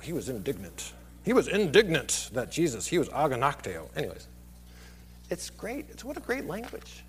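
A man in his thirties preaching a sermon, conversational and digressive, often dropping suddenly to a quiet voice. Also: a little high, big pitch swings, a little fast, slightly rough. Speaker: pastor.

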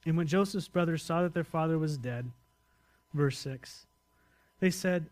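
A man's voice: fairly high pitch, measured pace, pauses often, a little mellow. A man preaching a sermon as pastor, conversational and often putting questions to the congregation.

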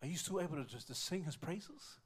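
Middle-aged male preacher from new zealand, fairly high voice, swings loud then hushed, preaching hard. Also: animated, fairly quick, husky. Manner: passionate preaching, swings from loud sung exclamations to quiet intimate asides. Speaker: pastor. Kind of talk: sermon.

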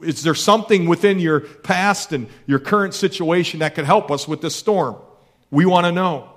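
A man's voice: on the high side, normal speed, fairly bright tone. A man voicing a crew of panicked sailors who fire urgent, accusing questions. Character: panicked sailors, adult men, demanding answers.

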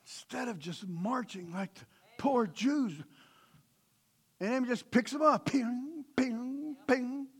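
Middle-aged male pastor, high and bright, fiery sermon with soft storytelling stretches. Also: expressive, a little slow, pauses often, slightly rough. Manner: swings from loud preaching to quiet storytelling.

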